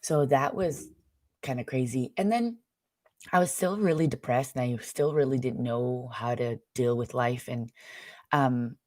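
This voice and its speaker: A woman's voice: extremely low pitch, a little slow, dark tone, no room sound, studio quality. A young woman, host of her own show, giving a candid and emotional personal testimony, rambling along with many fillers.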